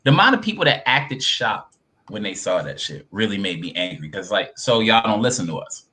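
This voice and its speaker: Animated, laughing man in casual chat. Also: fairly low pitch, brisk. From New York. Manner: animated, profane, laughs often, acts out quotes. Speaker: podcast co-host.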